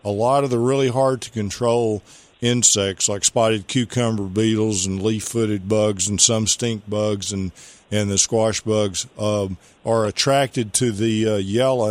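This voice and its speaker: A man's voice: on the low side, steady tone, unhurried. A man hosting a call-in gardening radio show, giving rambling, folksy advice and spelling out product names.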